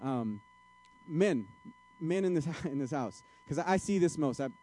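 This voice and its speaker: A male pastor preaching in a conversational way, his voice mellow and warm. He sits a little higher in pitch than most men. He shifts between quiet, confessional asides and emphatic appeals to the congregation. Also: expressive, unhurried. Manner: conversational, starts soft and confessional, grows emphatic and exhorting. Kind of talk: sermon.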